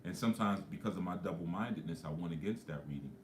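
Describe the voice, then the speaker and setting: Low-voiced New man telling stories. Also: fast, roomy sound, a little hiss or hum. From New York. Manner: conversational, storytelling, with frequent asides. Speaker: spiritual coach. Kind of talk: livestream talk.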